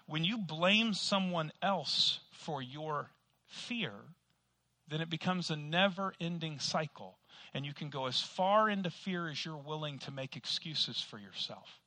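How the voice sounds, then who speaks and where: A man's voice: fairly high pitch, animated, a little slow, bright, forceful tone, no room sound. A man preaching a sermon, emphatic and full of rhetorical questions, acting out dialogues. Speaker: pastor.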